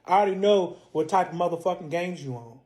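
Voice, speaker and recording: A young man telling a wild personal story in a casual storytime monologue, heavily profane and animated, acting out both sides of an argument. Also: high-pitched, fast talker.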